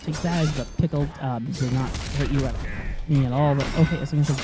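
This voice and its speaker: A man's voice: medium pitch, steady tone, quick pace. A man commentating casually over a video game he plays, rambling through tangents with many fillers and frequent laughs. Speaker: gaming commentator. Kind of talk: casual let's play commentary. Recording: faint game music behind.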